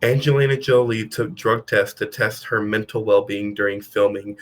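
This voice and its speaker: A man's voice: fairly low pitch, little pitch movement, normal speed, poor audio. A man co-hosting a casual movie podcast, joking and teasing, with some profanity. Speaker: podcast co-host.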